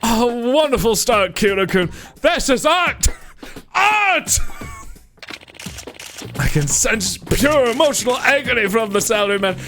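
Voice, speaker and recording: A wildly flamboyant male photographer, put on by a man reading game dialogue gushes in high, leaping cries. His bright, sharp tone soars with each burst of praise. Faint game music plays underneath. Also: very animated, measured pace, long pauses, exaggerated voice. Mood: gushing. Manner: theatrical, ecstatic, shouting praise.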